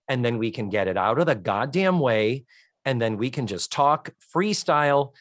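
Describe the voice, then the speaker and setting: A man's voice: medium pitch, a bit bright, dry recording. A wry, talkative man in middle age hosts a podcast, mixing loose chat with a read-out synopsis. His voice sits in an ordinary middle register, and it is recorded close and dry with no room sound. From United States. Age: middle-aged. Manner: wry, chatty, swears offhandedly. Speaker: podcast host. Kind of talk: casual chat and reading a synopsis.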